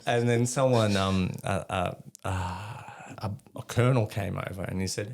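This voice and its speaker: An Australian army veteran in his forties, telling a story as a podcast guest, animated and laughing as he acts out voices. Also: medium pitch, moderate pace, few pauses. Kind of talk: casual storytelling.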